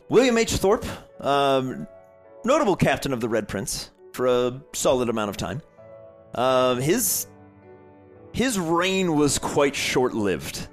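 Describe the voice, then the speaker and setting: A young man narrating a tabletop game as game master, in a relaxed, filler-heavy storytelling manner. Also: medium pitch, takes it slowly, faint music behind.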